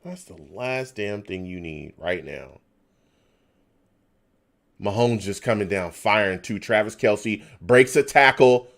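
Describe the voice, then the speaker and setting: A man's voice: fairly low pitch, animated, takes it slowly, creaky, fairly bright tone. A man hosting a live fan stream, reacting to a football game, venting his frustration and reading out chat messages. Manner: exasperated, venting, reads chat aloud. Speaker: fan livestream host.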